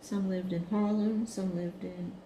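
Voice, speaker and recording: A woman from Brooklyn, talking casually as a craft vlogger, reminiscing and then turning animated. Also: mid-range voice, a little slow, reverberant, slight background noise. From Brooklyn, New York. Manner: chatty, reminiscing, rises to animated scolding. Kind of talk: casual monologue while crafting.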